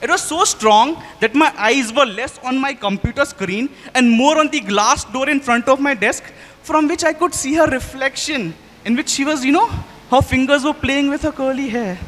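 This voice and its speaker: Young guy doing a live story for a crowd, really high bright voice, lots of hall echo. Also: moderate pace. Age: young adult. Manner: chatty, addresses the audience directly; animated, shifts pace for effect. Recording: hall reverb.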